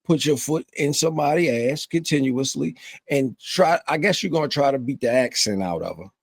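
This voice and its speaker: A man's voice: mid-range voice, animated, moderate pace, gravelly, no room sound. A man hosting a podcast interview, asking questions casually and repeating words as he stammers. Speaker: podcast host.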